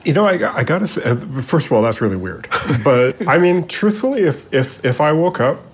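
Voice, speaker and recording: A man's voice: on the high side, very animated, brisk, husky. A Canadian man co-hosting a chat podcast, laughing often and rambling with lots of fillers as he talks. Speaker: podcast co-host. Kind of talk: casual chat.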